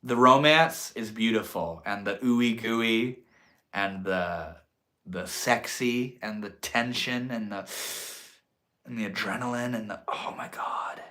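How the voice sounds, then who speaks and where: Slow reflective male streamer, bright tone. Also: fairly low pitch. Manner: reflective, drawn-out, swears casually. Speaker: livestream host. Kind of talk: casual livestream talk.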